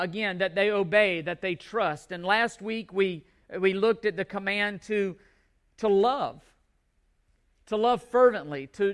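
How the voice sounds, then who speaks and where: A man's voice: high voice, fairly bright tone. A male pastor delivering a sermon to his congregation in a church, emphatic and repeating key words for stress.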